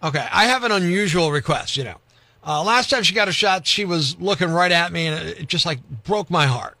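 Man, radio host prank caller, pushy and insistent, bright tense tone, dry studio sound. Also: high voice, lively intonation, a little fast, dry recording. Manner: playing a pushy overprotective dad on the phone. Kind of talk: prank call.

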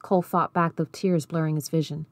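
Woman audiobook reader, even and measured; mellow, dry sound. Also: sits low, no room sound. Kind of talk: reading a novel aloud.

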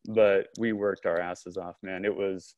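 A low-voiced man from Southern California, a podcast guest and company co-founder, tells a story in a conversational interview, animated and full of restarts and quoted dialogue. He speaks a little slowly. The sound is dry, close-miked studio audio with no echo, though somewhat dull.

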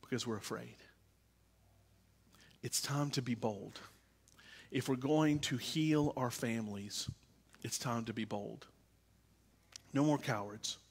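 A middle-aged man preaching a sermon as pastor, swinging from quiet confiding to loud impassioned preaching. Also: medium pitch, slow pace, gravelly, long pauses, slightly rough. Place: church sanctuary. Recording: long reverb of a church hall.

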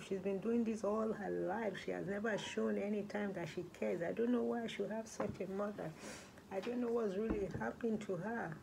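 A woman's voice: mid-range voice, vocal fry, warm tone, a little hiss or hum, lightly acted, poor audio. A young woman playing a hopeless fourteen-year-old girl in a group home, bitter and pleading, in a student role-play scene. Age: young adult.

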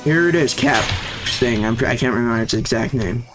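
A young man giving casual, excitable gameplay commentary, jumpy and slangy, with sudden yelps when startled. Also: medium pitch, fairly quick. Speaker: gaming YouTuber. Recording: game music and sound effects behind voice. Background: loud game music.

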